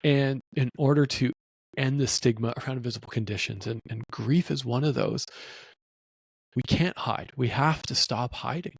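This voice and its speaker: This podcast host, a middle-aged man, tells stories with earnest warmth and encouragement. He talks at a moderate pace in a mid-range voice that is creaky and husky, captured in a dry recording.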